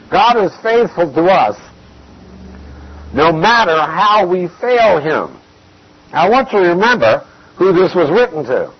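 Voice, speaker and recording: A man giving an expository Bible teaching, measured and emphatic, repeating key phrases to drive points home. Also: high-pitched, husky, highs cut off.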